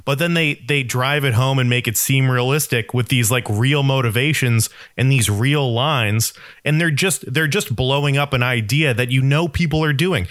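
A man's voice: medium pitch, moderate pace, a bit bright, dry recording. Joking man, dry close mic. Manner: joking, rambling explanations. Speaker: podcast co-host. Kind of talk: casual film discussion.

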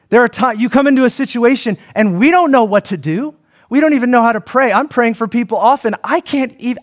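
Lively high-voiced man preaching a sermon. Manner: animated, conversational preaching with frequent restarts and asides. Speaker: pastor.

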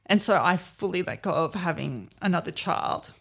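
A woman as a podcast guest, telling a personal story in a soft, reflective way with many fillers. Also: on the low side, lively intonation, normal speed, vocal fry, breathy edge. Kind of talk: personal storytelling in a casual chat.

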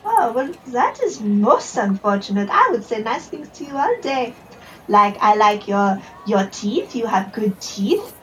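A woman's voice: on the high side, very animated, unhurried, a bit bright, slight background noise, rough recording. A woman doing a naive sweet merchant. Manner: wide-eyed, overly sweet and literal. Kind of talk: tabletop role-play.

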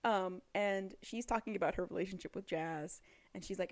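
A woman co-hosting a casual chat, retelling a story with quick quoted lines and frequent laughter. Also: mid-range voice. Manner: chatty, laughs often, acts out lines of characters in passing. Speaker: podcast co-host recapping a book.

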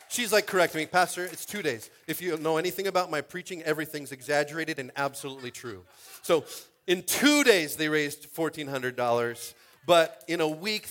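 A male pastor running a lively church service, joking and playful and often raising his voice to the room. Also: fairly high pitch. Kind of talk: church service games and announcements. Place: church sanctuary stage.

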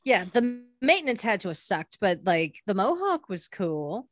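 A woman's voice: mid-range voice, big pitch swings, normal speed. A woman co-hosting a wrestling podcast, talking casually in a rambling way with many fillers and restarts. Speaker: podcast co-host. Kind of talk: casual chat.

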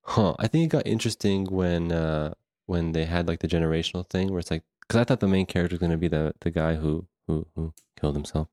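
Very deep-voiced man, dry close sound. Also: fairly even intonation, a little mellow, no echo. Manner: slow, meandering storytelling. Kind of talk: casual movie review chat.

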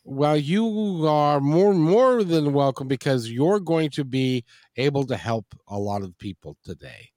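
A man's voice: fairly high pitch, lively intonation, unhurried, darkish tone, no echo, studio quality. A man hosting a radio talk show, chatting loosely with many restarts and fillers. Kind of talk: casual interview.

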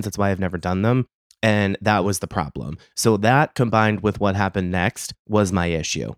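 Profane, animated man telling a story. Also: fairly low pitch, dry recording, studio quality. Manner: profane, animated, self-mocking, laughs often. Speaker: podcast host. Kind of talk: casual confessional storytelling.

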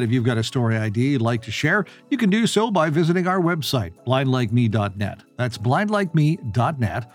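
A man with a Canadian accent hosting a podcast in a friendly, casual chat full of fillers and restarts. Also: medium pitch. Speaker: podcast host.

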